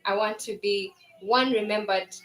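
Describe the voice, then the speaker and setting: A woman's voice: mid-range voice, fairly even intonation, moderate pace, a bit bright. A woman in her twenties, a new business founder, giving an earnest launch event speech with frequent fillers and restarts. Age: 20s. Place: event venue. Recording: roomy venue with music and crowd behind.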